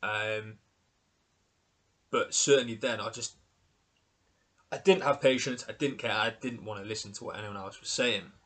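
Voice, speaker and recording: A man's voice: on the low side, steady tone, normal speed, long pauses, a bit bright. Frank man hosting a podcast. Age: adult with children. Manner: frank, candid and self-deprecating, with casual swearing. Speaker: podcast host. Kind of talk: casual solo podcast talk.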